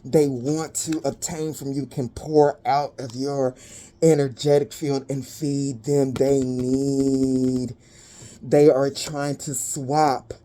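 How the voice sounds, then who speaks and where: Woman spiritual reader, blunt, profane, dramatic delivery, unhurried. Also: a bass voice, mellow. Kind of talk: spiritual reading monologue.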